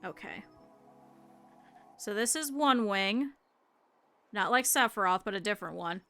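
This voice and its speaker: A woman's voice: mid-range voice, animated, a little slow, bright, forceful tone, soft background music. A woman streamer chatting her viewers step by step through cutting and sewing a plush, explaining as she works. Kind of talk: casual step-by-step craft tutorial.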